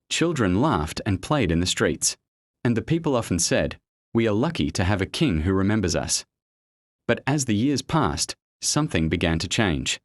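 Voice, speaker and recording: A man tells a folktale in scripted storytelling narration, measured and expressive. His voice is low, with lively rises and falls. The sound is dry and close. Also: dry recording.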